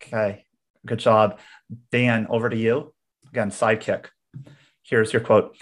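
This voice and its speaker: A man's voice: lowish voice, little pitch movement. Man hosting a movie quote quiz. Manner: reads quotes slowly, keeps time. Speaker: quiz host. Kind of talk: game show quiz hosting.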